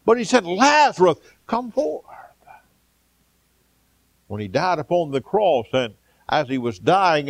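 A male preacher with a slightly high, gravelly voice, working up a sermon into fervent, rising exclamations. He calls out amen and hallelujah, pauses on "uh" between phrases, and sounds close and dry with no room echo. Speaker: pastor.

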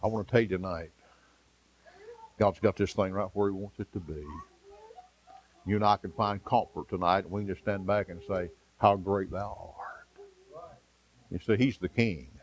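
A man preaching an evening sermon, with a rhythmic delivery that rises for emphasis and drops soft and low. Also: fairly even intonation, moderate pace, pauses often.

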